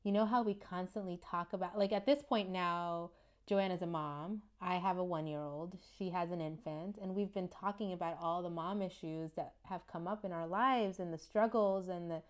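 A woman in her thirties, a neonatologist and podcast co-host, fondly and chattily reminiscing in an interview. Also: on the low side. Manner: chatty, quick, fond reminiscing. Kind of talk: casual interview storytelling.

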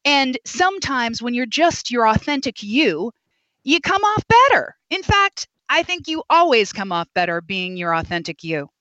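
A woman's voice: on the high side, normal speed, no echo, lo-fi sound. A woman speech pathologist talking expressively as a guest on an interview podcast. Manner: animated, expressive, dramatizes quotes.

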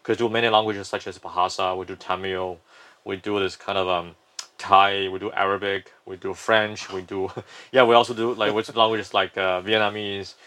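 A man's voice: low-pitched, flat delivery, moderate pace, sharp tone. A man, a company founder, explaining his firm at length in a casual interview, often restarting sentences.

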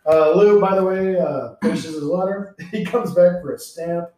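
A man chatting casually on a podcast as he recaps a TV episode, slipping into the characters' lines with a laid-back delivery. His voice sits a little high for a man and is picked up from a distance. A very echoey room surrounds him. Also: normal speed, warm tone. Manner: laid-back, recounts scenes by acting out lines. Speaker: podcast co-host.

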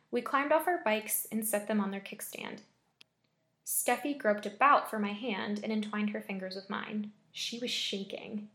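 A woman's voice: medium pitch, a bit bright. Woman narrating a horror story.

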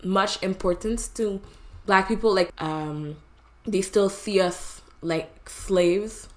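A young woman from Canada co-hosting a podcast, talking in a halting, emotional way with many fillers. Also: mid-range voice. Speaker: podcast co-host. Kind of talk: casual chat.

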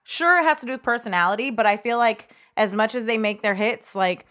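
A woman's voice: a little high, fairly quick, a bit bright. A woman from the American Midwest chatting casually on a podcast, explaining her views at length with lots of fillers.

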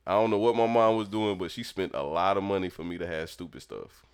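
A young man telling a lively childhood story in casual chat, acting out the people in it. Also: low-pitched, a little fast, clear, resonant tone. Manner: animated, acts out voices in his story. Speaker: storyteller talking with his mother.

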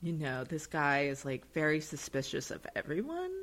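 Podcast co-host, woman, chatty recap delivery, lively swooping pitch, loose and filler-heavy. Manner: chatty, lots of fillers, quick laughs. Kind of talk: casual chat recap.

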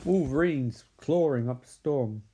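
A sarcastic man riffing through a bad horror movie, mocking its plot with a mellow, warm tone. His delivery is loose and jokey. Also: medium pitch, animated, a little slow, a little hiss or hum. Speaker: movie recap commentator.

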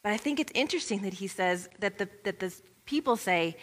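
Bright-voiced woman pastor preaching. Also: medium pitch, animated, brisk, hardly any pauses. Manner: chatty, informal asides with "like" and "you know". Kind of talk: conversational sermon. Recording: long reverb of a large hall.

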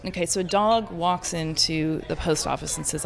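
A man with a gravelly, creaky voice tells a shaggy dog joke. He chuckles his way through it and bounces into little voices for the clerk and the dog. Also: a little high, moderate pace, few pauses. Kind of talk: telling a joke.

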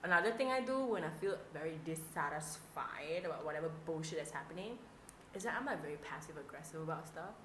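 A woman, co-hosting a casual podcast and telling stories in an animated way, acting out the dialogue and swearing freely. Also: low voice, fast talker, a little hiss or hum. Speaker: podcast co-host. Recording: roomy echo.

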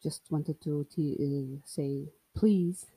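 Young Portuguese woman, native Portuguese speaker, Portuguese accent; easygoing solo chat, slow delivery with lots of teasing humor. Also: low voice, dark tone, breathy edge. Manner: playful, jokey, laughs often. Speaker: vlogger. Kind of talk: casual solo monologue.

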